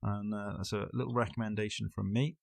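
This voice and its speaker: A man's voice: lowish voice, fairly even intonation, fairly quick, creaky, darkish tone, no echo. A man co-hosting a podcast, chatting casually and easily amused. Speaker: podcast co-host. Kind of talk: casual chat.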